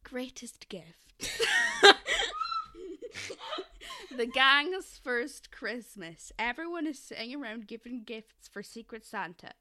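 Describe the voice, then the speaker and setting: A young woman co-hosting a casual podcast chat, giggly and animated, often acting out characters' lines. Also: fairly high pitch, slow pace, pauses often. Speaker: podcast co-host.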